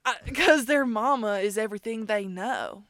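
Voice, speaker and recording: A young woman co-hosting a podcast, chatting casually with quick, sarcastic asides. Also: on the high side, a bit bright, no echo, clean studio sound. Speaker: podcast co-host. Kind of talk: casual chat.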